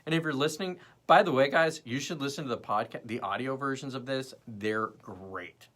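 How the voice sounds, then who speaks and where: A man's voice: medium pitch, normal speed. A young man hosting a casual livestream, rambling between topics and chatting with viewers in the comments. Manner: rambling, animated, jumps between topics and chat. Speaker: livestream host.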